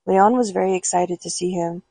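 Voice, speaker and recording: Brief: woman storyteller, gravelly and breathy, close and dry. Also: on the low side, steady tone, moderate pace, mellow, no echo, rough recording. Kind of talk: storybook reading aloud.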